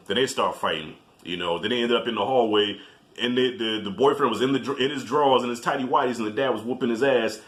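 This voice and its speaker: A man reviewing a film in a casual vlog, telling animated stories, swearing freely and addressing viewers directly. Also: medium pitch, quick pace.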